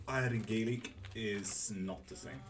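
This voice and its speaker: A deep-voiced man hosts a live tarot stream, talking loosely and rambling through his thoughts with plenty of fillers and casual swearing. Faint music plays quietly under his voice. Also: unhurried. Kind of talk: casual live-stream chat reading comments.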